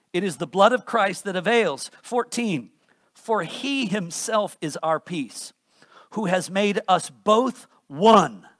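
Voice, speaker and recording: Male preacher, high voice, dry close sound, emphatic scripture reader with big dynamic swings. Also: dry recording. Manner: emphatic, dynamic swings between soft and loud; reads scripture aloud with slow emphasis. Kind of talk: expository sermon.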